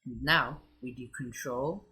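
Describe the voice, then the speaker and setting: A man hosting a screen-recorded software tutorial, explaining step by step and leaning on "so" between steps. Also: mid-range voice, a little slow, a little hiss or hum. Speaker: tutorial host.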